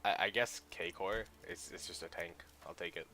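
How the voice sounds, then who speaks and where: A man with a low voice plays through a story game. His tone is bright and forceful. He reads the characters' dialogue aloud in their voices and reacts with quick exclamations. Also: a little hiss or hum. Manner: voices the game's characters while reading dialogue. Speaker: let's player.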